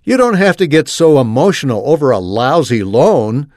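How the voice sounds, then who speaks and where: A man doing a teasing gruff teen brother. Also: medium pitch, very animated, normal speed, darkish tone, no room sound, clean studio sound, lightly acted. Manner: mocking, grumbling.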